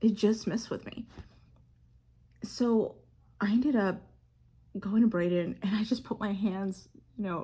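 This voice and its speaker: A mother speaking earnestly and haltingly to camera, telling a heartfelt story as a devotional reflection. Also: mid-range voice, warm tone, husky. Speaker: mother sharing a faith reflection. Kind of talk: casual devotional talk to camera.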